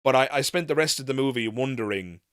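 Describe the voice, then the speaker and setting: A man with a bright, forceful voice hosts a live Q&A, recounting a story with animated frankness and the odd casual swear. The sound is dry and close, with no room around it. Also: medium pitch, fast, clean tone, no echo. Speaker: host.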